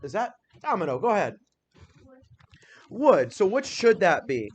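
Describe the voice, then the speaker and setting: There's a slight hiss or hum behind this high-pitched male teacher as he leads an upbeat grammar class. He fires off questions to his students and reads example sentences at a slow, deliberate pace.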